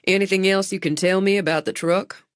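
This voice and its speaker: Mild, steady small-town deputy, as a woman reads him. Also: medium pitch, fairly quick, clean tone, no room sound, studio quality, pitched above the performer's own voice, lightly acted. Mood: calm, official. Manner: mild, matter-of-fact.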